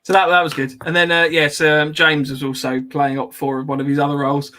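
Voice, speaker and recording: A man's voice: on the high side, little pitch movement, a little fast, pushed and bright. A man hosting a podcast, telling a story in casual chat with many ums and laughing asides. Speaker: podcast host.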